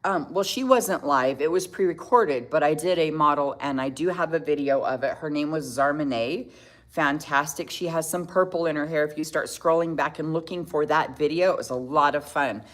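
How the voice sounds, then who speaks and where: This chatty middle-aged woman, speaking in a low voice, hosts an informal makeup livestream tutorial, reading viewer comments aloud and quick to laugh.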